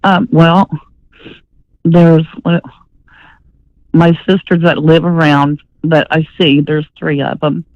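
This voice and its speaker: A woman calling in to a radio show who gives hesitant, halting answers. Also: low voice, little pitch movement, no echo. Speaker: caller. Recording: dull phone line.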